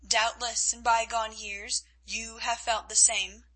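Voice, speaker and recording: A woman's voice: on the high side, little pitch movement, slow pace, pushed and bright, husky, heavily acted, poor audio. A woman reading the part of a cold, mocking male Spanish officer in an audiobook, speaking in a coolly commanding way.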